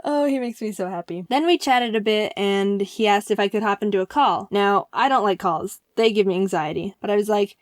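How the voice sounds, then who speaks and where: A woman narrating a comedic storytime for an animated video, playful and excitable, slipping into quick impressions. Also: mid-range voice, dry recording, clean studio sound. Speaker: animation channel host.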